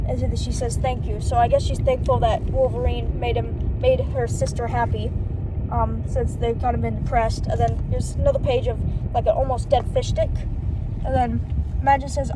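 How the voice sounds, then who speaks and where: High-voiced woman reading a comic aloud haltingly. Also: background noise. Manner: reads haltingly, repeating "and then she says" and correcting slips; adds brief unsure asides to the reading. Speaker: comic book reader.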